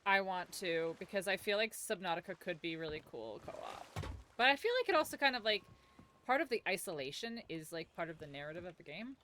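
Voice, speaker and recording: A woman's voice: fairly low pitch, animated, brisk, fairly bright tone, a little hiss or hum. A young adult woman streaming a game, chatting casually with lots of "like" and the odd swear.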